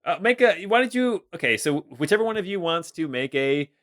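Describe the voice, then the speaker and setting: A man's voice: fairly high pitch, sing-song, fairly quick, a bit bright, dry recording, clean studio sound. A man narrating as game master of a tabletop game, rambling with many fillers.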